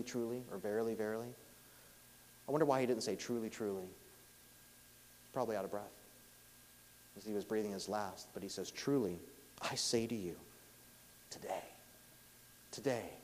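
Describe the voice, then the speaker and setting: Male pastor preaching, loud punches then going quiet, long echo off a big hall. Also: mid-range voice. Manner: emphatic, swings between loud stresses and hushed lines. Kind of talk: sermon.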